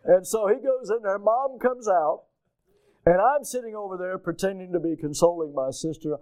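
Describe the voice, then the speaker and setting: A man preaching a sermon, reading scripture and telling a lively childhood story, acting out the voices of people in it. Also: sits high, normal speed, dry recording, rough recording. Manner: storytelling, animated, acts out quoted voices. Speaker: pastor.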